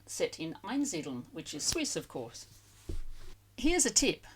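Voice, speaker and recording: A woman hosting a language-learning channel, giving a scripted vocabulary lesson and carefully spelling out foreign words. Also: fairly low pitch.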